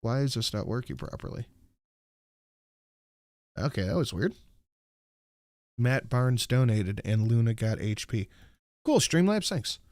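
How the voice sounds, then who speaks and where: A man's voice: medium pitch, expressive, a little slow, long pauses, darkish tone, dry recording, clean studio sound. A man streaming live, telling a rambling story with plenty of swearing and stopping to read out chat messages. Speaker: livestreamer. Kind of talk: casual chat.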